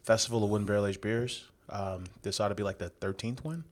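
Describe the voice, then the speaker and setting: A man's voice: fairly low pitch, fairly even intonation, fast talker. A man co-hosting a beer podcast, talking casually with lots of fillers and easy enthusiasm. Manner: chatty, filler-heavy, enthusiastic. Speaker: podcast co-host. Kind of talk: casual chat.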